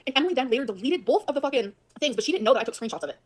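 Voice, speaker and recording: A woman on a livestream ranting fast and emphatically, swearing a lot as she tells her side of a fight. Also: high voice, expressive. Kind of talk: venting livestream rant. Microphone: livestream mic.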